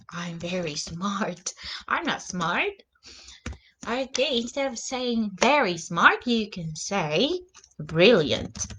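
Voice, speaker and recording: A woman's voice: mid-range voice, fairly bright tone, a little hiss or hum. A young woman teaching English vocabulary in a casual lesson, repeating each new word and example sentence aloud.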